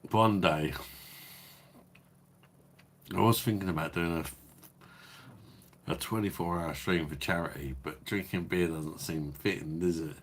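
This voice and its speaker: A tipsy man hosts a casual beer review livestream, rambling and swearing as he bantering with chat. His voice is low-pitched and measured, with frequent pauses and a faint hiss or hum.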